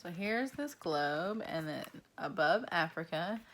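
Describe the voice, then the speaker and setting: A woman in her twenties or thirties gives a slow, encouraging lesson to young children and asks them questions. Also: fairly low pitch, expressive, fairly bright tone, slight background noise. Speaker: preschool teacher.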